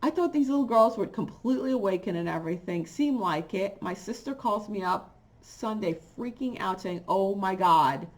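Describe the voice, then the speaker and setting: A woman's voice: medium pitch, lively intonation, moderate pace. A middle-aged woman, a holistic coach, talking to camera in a blunt, rambling, conversational way. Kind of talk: casual monologue to camera.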